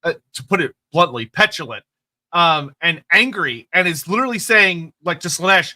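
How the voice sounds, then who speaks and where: A man's voice: a little high, lively intonation, moderate pace, sharp tone. A man co-hosting a podcast, talking lore enthusiastically and bluntly, with casual swearing. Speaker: podcast co-host.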